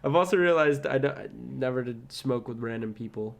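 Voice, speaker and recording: A man's voice: mid-range voice, brisk, gravelly. A young man co-hosting a podcast, telling a long story in casual chat, rambling, swearing often and laughing at himself. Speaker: podcast co-host.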